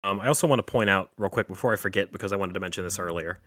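A man's voice: low voice, rapid-fire, fairly bright tone, no room sound. A man hosting a podcast, recapping a horror film in casual chat, full of "like" and "um". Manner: rambling, filler-heavy with frequent "like" and "um". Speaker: podcast host.

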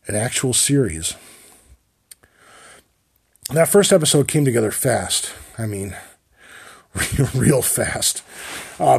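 A man's voice: medium pitch, creaky, husky. A man in his forties hosting a podcast, telling a story in a wry, profane, rambling comic monologue. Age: 40s. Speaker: podcast host.

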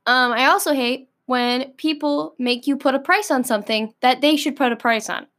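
High-voiced young woman ranting exasperatedly. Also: normal speed. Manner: exasperated, animated ranting with many likes and ums. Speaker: podcast host. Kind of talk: solo podcast rant.

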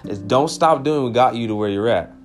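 A man's voice: medium pitch, fairly quick. Earnest man in a devotional podcast. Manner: earnest and emotional, repeating phrases for emphasis. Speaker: podcast host.

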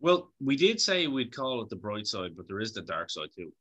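A man's voice: lowish voice, sing-song, normal speed, fairly bright tone. An Irish man hosting a podcast interview, chatty and casual, laughing often and swearing freely. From Ireland. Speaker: podcast host.

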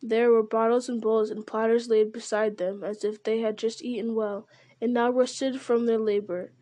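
A woman reading a fantasy novel aloud in a measured way, often restarting over a word. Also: a little high, level tone, mellow, dry recording. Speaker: reader.

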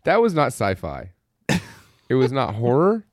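A man's voice: mid-range voice, wildly swooping pitch, unhurried, dry recording, studio quality. A man co-hosting a podcast, sarcastically recapping a movie with profane jokes. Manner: profane, sarcastic storytelling with mocking quoted voices. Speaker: podcast co-host. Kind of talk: casual chat, movie recap.

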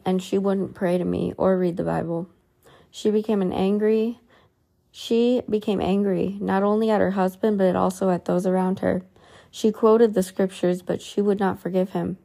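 A woman reading a religious book aloud in an earnest tone, adding soft asides of her own. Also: mid-range voice, steady tone, normal speed, vocal fry.

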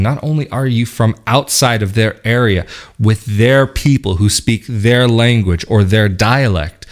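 A man talking casually to camera, thoughtful and rambling, laughing now and then and restarting his sentences. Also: medium pitch. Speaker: vlogger. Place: lives in northern Italy near Venice.

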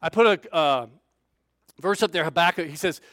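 Preacher, male, high-pitched, animated storyteller with big swings in volume, dry close sound. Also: normal speed, no room sound. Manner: lively storyteller with big swings in loudness, acting out quoted voices. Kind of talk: storytelling sermon.

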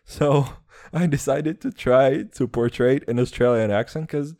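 A man's voice: mid-range voice, measured pace, a little mellow, dry recording, studio quality. A young man with an accent between Eastern European and American, hosting a casual solo podcast in a rambling, profane, self-mocking way. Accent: mixed Eastern European and American. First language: Serbian or Turkish. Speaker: podcast host.

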